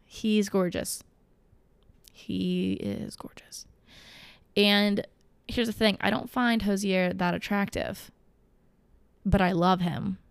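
A woman's voice: mid-range voice, level tone, slow pace, gravelly, clear, resonant tone, dry recording. A young woman vlogging in a casual, gushing way, rambling with fillers and self-corrections. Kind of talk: casual chat to camera.

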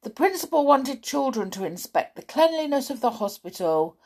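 Brief: smart young boy, brisk know-it-all explaining, lively pitch, put on by a woman. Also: exaggerated voice. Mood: earnest.

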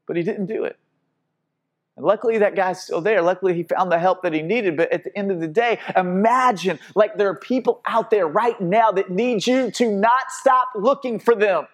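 High husky-voiced man preaching. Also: normal speed. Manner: impassioned, swings between loud exhortation and quiet intensity; repeats words and restarts phrases while preaching. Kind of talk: sermon.

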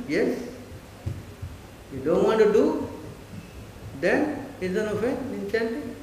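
A man's voice: high-pitched, a little mellow, a little hiss or hum. A man giving a devotional class, emphatic and full of rhetorical questions, checking often that listeners understand. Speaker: spiritual teacher. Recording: echoey hall.

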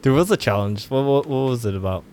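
A man's voice: mid-range voice, lively intonation, fast, a little mellow, clean tone. A man co-hosting a podcast in casual chat, laid-back and rambling as he talks. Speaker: podcast co-host.

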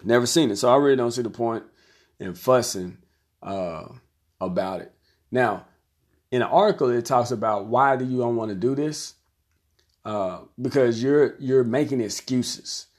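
A man's voice: mid-range voice, normal speed, a little mellow. Conversational man talking basketball. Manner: conversational, repeats phrases, acts out quoted voices. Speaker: basketball coach and commentator. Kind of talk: casual talk to camera, reviewing an article.

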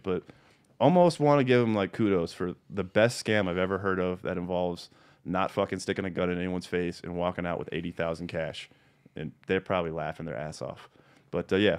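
A man with a somewhat low voice hosts a laid-back podcast chat, swearing freely as he tells animated stories. His delivery is loose and conversational, speeding up and slowing down as the story builds. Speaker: podcast host and dispensary owner.

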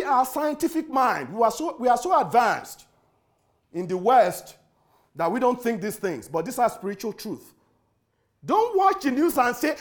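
A man preaching a sermon with emphatic repetition, swinging from loud exhortation to hushed pleading. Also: very high voice, big pitch swings, normal speed. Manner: pleading, earnest. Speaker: pastor.

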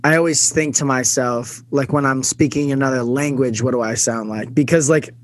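American west coast guy, mid-pitch, thinks out loud with lots of likes and ums, dry sound. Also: steady tone, no room sound. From United States. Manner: musing, drawn-out questions with many fillers. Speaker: interviewer. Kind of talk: casual interview chat.

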